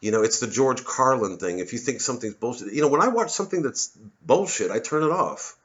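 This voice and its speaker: A man's voice: medium pitch, expressive, fairly quick, fairly bright tone, muffled recording. A man, a satirist, delivering a rambling, sardonic monologue full of swearing. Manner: sardonic, swearing, mocks others in put-on voices. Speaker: comedian and satirist.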